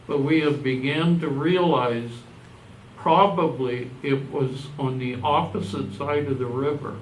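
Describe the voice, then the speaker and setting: A man's voice: medium pitch, fairly even intonation, measured pace, a little hiss or hum. An older man from Canada giving an informal presentation to a live audience, rambling a little and correcting himself as he goes. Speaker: presenter at a genealogy society talk. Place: meeting room. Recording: echoey room recorded from a distance.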